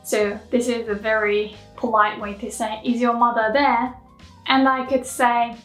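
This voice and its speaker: Native Japanese woman teacher, slightly high voice, careful phrase demos, echoey room, soft music underneath. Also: little pitch movement. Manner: slow, careful modeling of phrases. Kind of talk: explanatory language lesson.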